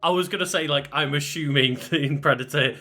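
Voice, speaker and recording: A man co-hosting a podcast, chatting about films in a measured, agreeable way. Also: a little high, pushed and bright, faint music behind. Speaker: podcast co-host. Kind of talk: casual film chat.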